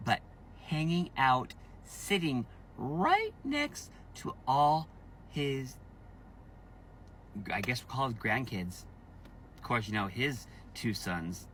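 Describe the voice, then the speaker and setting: Bright-voiced man telling a story slowly. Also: medium pitch, slight background noise. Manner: slow, emphatic, repeats himself for effect; angry outbursts and voice rising on key points. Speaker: YouTuber telling a family story. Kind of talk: emotional personal vlog storytelling.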